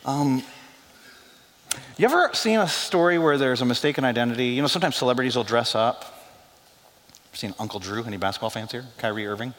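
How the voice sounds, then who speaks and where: A man preaching a sermon as pastor, animated and joking, dropping his voice low for quoted lines. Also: a little fast, pauses often. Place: church sanctuary. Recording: long hall reverb.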